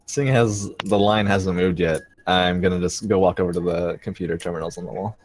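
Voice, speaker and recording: A man playing a tabletop game, calmly describing his character's actions and asking the game master questions. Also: sits low, fairly quick, slight background noise. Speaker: player. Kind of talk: casual tabletop play.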